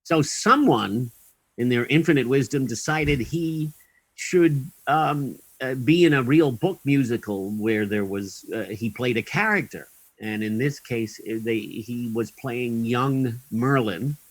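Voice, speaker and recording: A man's voice: medium pitch, measured pace, dry recording, poor audio. A man guest in an interview, telling long anecdotes in a rambling way with many ums and chuckles.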